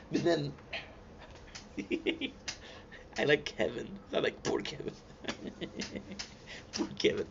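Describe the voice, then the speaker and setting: An excitable man gushing through a casual episode recap, tripping over restarts and fillers. His voice is muffled and lo-fi, with steady noise hissing behind it. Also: medium pitch. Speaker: host reacting to a TV series. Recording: dull lo-fi sound with clear background noise.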